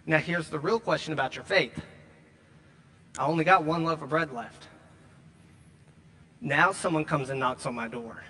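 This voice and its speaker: A man preaching a sermon, emphatic, repeating key lines and slowing down to stress them. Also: on the high side, pushed and bright, big-room sound. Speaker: pastor.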